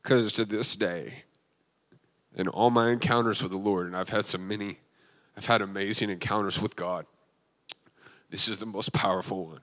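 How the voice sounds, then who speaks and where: A man with a fairly low voice preaches a heartfelt personal testimony as a pastor. He talks in an emotional, halting way, restarting phrases and leaning on fillers as he builds toward his point. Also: fairly even intonation, a bit bright. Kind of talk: sermon.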